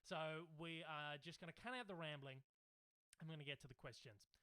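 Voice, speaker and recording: A man's voice: on the high side, moderate pace, sharp tone, clean tone. A young man hosting a casual livestream Q&A from home, rambling and chatty with lots of fillers. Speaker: YouTube channel host. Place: home, in Melbourne.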